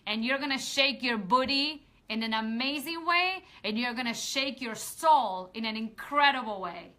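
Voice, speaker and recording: Bright-voiced woman talking earnestly to viewers. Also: on the high side, animated, normal speed. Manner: earnest, heartfelt and rambling, with many restarts; rousing motivational appeals to her audience. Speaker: women's empowerment coach hosting a live video. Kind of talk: casual live-stream talk to viewers.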